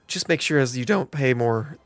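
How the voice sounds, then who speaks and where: A man's voice: mid-range voice, moderate pace, no room sound, soft background music, natural voice. A man voicing a shrewd, teasing middle-aged woman innkeeper with a put-on Southern drawl, reading game dialogue and tripping over words. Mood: folksy. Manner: homey turns of phrase, stumbles over words while reading.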